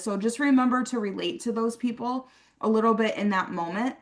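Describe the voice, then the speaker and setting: A young adult woman leading a casual sales training talk. She keeps checking in with "okay?", and she acts out sample conversations in a brighter, livelier voice. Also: on the high side, a little fast. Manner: chatty, peppers talk with "okay?" and "like". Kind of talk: casual coaching talk on a team call.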